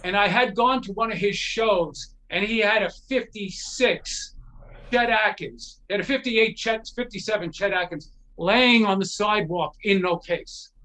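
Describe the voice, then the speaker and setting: A man's voice: sits high, moderate pace. A middle-aged man, a guest on a show, casually telling a long anecdote, acting out the lines of the people in it and swearing freely. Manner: animated anecdote teller, acts out quotes, swears freely. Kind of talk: casual storytelling.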